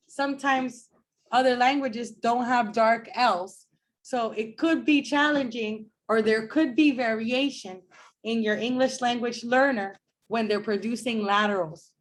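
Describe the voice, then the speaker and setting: A woman professor giving a phonetics lecture to a class, explaining clearly and demonstrating speech sounds slowly. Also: a little high. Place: classroom with students.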